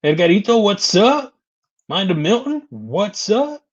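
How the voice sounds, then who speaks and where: A man's voice: sits high, very animated, measured pace, dull audio. A man hosting a casual live stream, greeting viewers by name, reading their comments aloud and laughing often. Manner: chatty, reads out viewer comments and greets them; laughs often between remarks.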